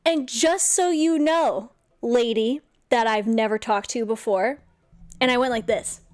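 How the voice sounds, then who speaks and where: A young woman streamer telling a story to her viewers in a casual, excitable way, swearing a lot. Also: a little high, measured pace, soft background music.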